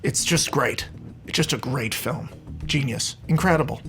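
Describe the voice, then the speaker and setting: A man's voice: normal speed, over music. A man on a panel debate show, eagerly rambling through ideas and arguments. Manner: excited, rambling pitches, laughs a lot.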